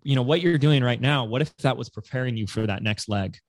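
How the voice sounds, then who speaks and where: A man's voice: mid-range voice, brisk, no room sound. A man telling his business story in a casual interview, acting out other people's voices in quotes. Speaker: guest entrepreneur.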